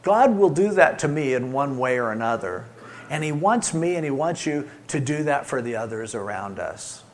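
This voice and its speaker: Animated middle-aged male pastor preaching. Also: medium pitch, normal speed. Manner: animated, shifting between loud emphasis and soft soothing asides. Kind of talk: sermon.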